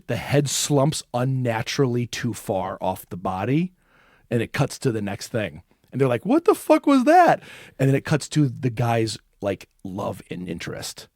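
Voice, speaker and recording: A man's voice: mid-range voice, a little mellow, no room sound. A man in casual podcast chat, rambling through ideas and swearing freely, says like a lot. His voice sits mid-range and the sound is close and dry. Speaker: podcast co-host.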